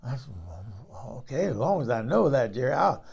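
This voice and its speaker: A man's voice: medium pitch, expressive, fairly quick, gravelly, a little mellow, husky. A man playing a frank older woman who rambles through a comic story and laughs at herself. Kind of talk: comic character monologue.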